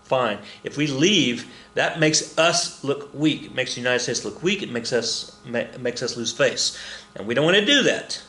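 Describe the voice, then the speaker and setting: A man's voice: mid-range voice, animated, normal speed, bright, forceful tone. A man teaching a history lecture in a casual, joking way, often repeating key points for emphasis. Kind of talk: recorded classroom lecture. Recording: echoey room.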